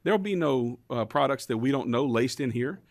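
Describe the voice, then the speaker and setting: A man's voice: mid-range voice, lively intonation, brisk, no room sound, clean studio sound. A man, a state representative giving impassioned committee testimony, telling stories and building to emphatic questions. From Kentucky. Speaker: state representative, bill sponsor.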